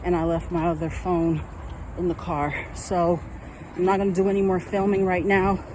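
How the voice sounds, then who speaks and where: A woman's voice: on the low side, little pitch movement, normal speed, dark tone, slight background noise, poor audio. A nervous woman filming herself on a wooded hiking trail on her phone, talking to herself and laughing anxiously. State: anxious, near panic. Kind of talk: self-filmed hiking vlog. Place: outdoors on a wooded nature trail. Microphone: phone held while walking.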